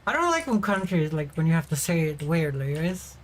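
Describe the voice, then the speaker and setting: A woman's voice: low voice, very animated, brisk. A woman from Sweden livestreaming in a loose, rambling way. She giggles often and swears without a second thought as she chats with her viewers. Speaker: streamer. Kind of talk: casual livestream chat.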